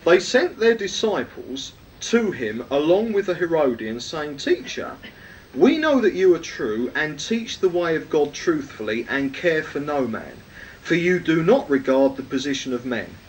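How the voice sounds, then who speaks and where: Male preacher, lively pitch, fairly high voice, emphatic Bible teaching with rhetorical questions. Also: a little slow. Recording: distant mic, faint rumble.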